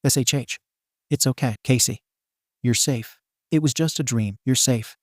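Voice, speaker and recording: A man voicing a gentle, caring adoptive mother who speaks softly and soothingly. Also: medium pitch, measured pace, no echo, studio quality, lightly acted. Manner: soft, soothing.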